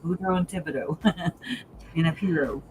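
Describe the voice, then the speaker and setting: A woman's voice: sits low, normal speed, darkish tone, slight background noise, poor audio. Laughing woman chatting on a livestream. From Louisiana. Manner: laughs often, says "y'all". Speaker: livestream host. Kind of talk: casual chat.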